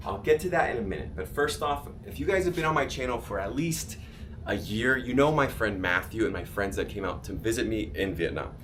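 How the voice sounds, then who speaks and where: A man's voice: fairly low pitch, animated, a little fast, fairly bright tone, slight background noise. A man from California chatting to a handheld camera outdoors as a travel vlogger, rambling, with restarts and laughs. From California, United States. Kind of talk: casual vlog talk to camera. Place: outdoors at a family home.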